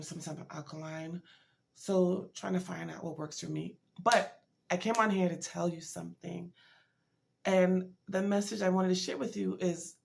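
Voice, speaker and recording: A woman speaks to her viewers in a loose, heartfelt vlog, rambling a little as she shares personal news. Her voice sits low and has a gravelly fry to it. She sounds worn out and tired. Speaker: motivational vlogger. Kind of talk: casual personal talk to camera.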